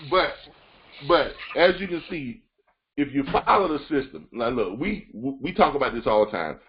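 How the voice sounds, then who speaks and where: A man leading a training call, coaching listeners with repetitive, animated talk. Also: mid-range voice, normal speed, muffled recording. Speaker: freight broker trainer.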